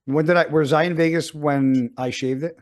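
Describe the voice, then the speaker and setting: A man's voice: fairly high pitch, fairly even intonation, moderate pace. A man in his thirties, a podcast host, telling a rambling story in casual chat and swearing often.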